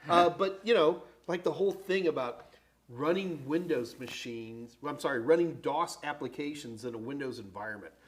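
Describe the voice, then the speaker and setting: A man's voice: a little high, moderate pace. An older man hosting a casual live tech Q and A, joking and playful, often slipping into quoted voices. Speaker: host answering tech questions. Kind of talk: casual live-stream chat.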